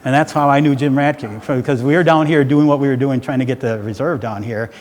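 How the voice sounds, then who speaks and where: A man's voice: mid-range voice, brisk, darkish tone. A middle-aged man giving a public talk as loose, rambling storytelling, often checking in with "right?". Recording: hall reverb with faint background noise.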